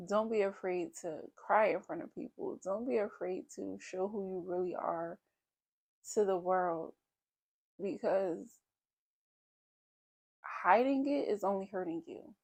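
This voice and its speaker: A woman in her thirties talks straight to her viewers in a casual, confessional vlog. She is blunt and candid, and her mid-pitched voice has a gravelly fry running through it. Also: measured pace, pauses often, darkish tone. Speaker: vlogger.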